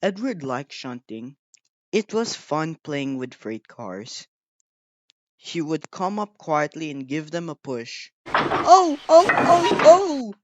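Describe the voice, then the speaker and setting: A man narrating a children's storybook in a measured, gentle manner. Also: a little high, expressive, muffled recording. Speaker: audiobook reader.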